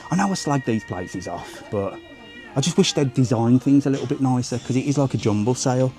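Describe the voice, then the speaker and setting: A man's voice: mid-range voice, animated, fairly quick, mellow, faint music behind. A blunt, sweary man, chatting casually as he walks a seaside street for his travel vlog, filmed on a handheld phone. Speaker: travel vlogger. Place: outdoors on a windy seaside street.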